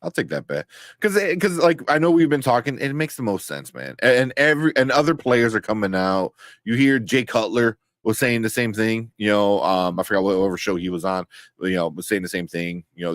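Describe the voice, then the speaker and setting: A man co-hosting a casual sports podcast, laid-back and quick to laugh. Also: on the low side, animated, no echo, clean studio sound. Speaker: podcast co-host.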